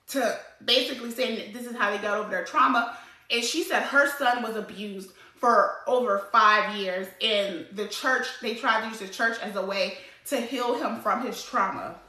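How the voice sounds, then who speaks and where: A woman's voice: a little high, fairly even intonation, moderate pace, sharp tone, reverberant, low-quality recording. A woman hosting a vlog, giving casual commentary in a conversational way, often saying "like" and "right?". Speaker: vlog host.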